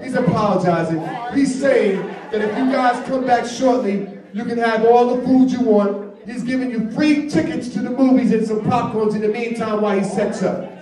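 A man working as a stage hypnotist at a live show, talking dramatically and commandingly, dropping to a hushed suggestion and then rising to shouted urging. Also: extremely high pitch, moderate pace. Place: large hall with a student audience. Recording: echoey hall, mic heard from far off, crowd noise. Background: audience laughter.

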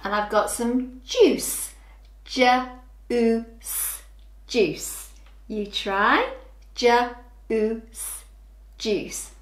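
A woman teaching young children phonics, sounding words out slowly with gentle encouragement. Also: fairly high pitch, expressive, reverberant. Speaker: early years teacher. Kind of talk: slow, clear children's lesson.

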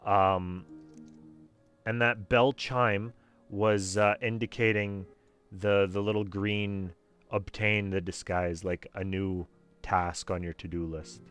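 A man giving casual, sarcastic commentary while playing a game, swearing freely. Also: fairly low pitch. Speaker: game streamer.

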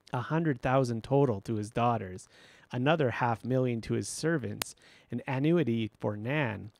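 A man narrating an audiobook in a steady first-person storytelling voice. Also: medium pitch, vocal fry, no room sound.

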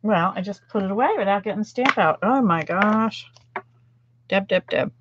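A woman's voice: mid-range voice, a little fast, lo-fi sound, background noise. Chatty self-deprecating woman crafting live. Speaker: card-making demonstrator. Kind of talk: livestream craft demo, chatting with viewers.

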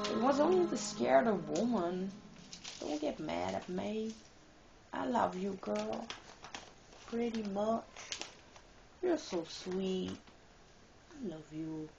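A woman giving casual, excitable let's-play commentary while she plays, teasing and swearing. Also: mid-range voice, takes it slowly, vocal fry, pauses often, muffled recording. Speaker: gamer playing and commenting. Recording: game music playing behind.

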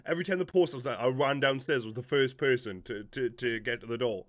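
A man's voice: mid-range voice, fast, a bit bright. A man in his thirties with a Geordie accent, chatting casually as a reaction video host, laughing and swearing. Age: 30s.

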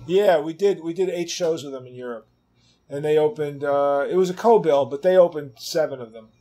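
Older guy in his 60s, slightly high voice, telling road stories all animated, swears a lot, does the voices of people he quotes. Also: moderate pace. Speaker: interview guest, rock guitarist. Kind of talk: casual anecdote telling.

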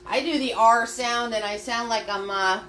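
A woman's voice: a little high, moderate pace, a bit bright, slight background noise. A woman leading a live-streamed painting class, chatty and upbeat as she talks viewers through each step. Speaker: paint party instructor.

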